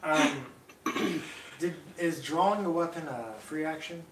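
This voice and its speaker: A man's voice: a little high, takes it slowly, fairly bright tone, reverberant, far from the mic, a little hiss or hum. A man playing a tabletop game, hesitantly asking about the rules. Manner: hesitant, asks rule questions. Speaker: player. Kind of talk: casual tabletop game session.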